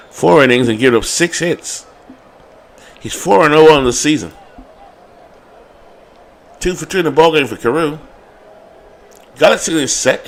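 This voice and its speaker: Animated London man calling baseball. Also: a little high. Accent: London English. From England. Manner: rises to excited calls on big hits. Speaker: play-by-play commentator of a tabletop baseball replay. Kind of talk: livestream play-by-play commentary.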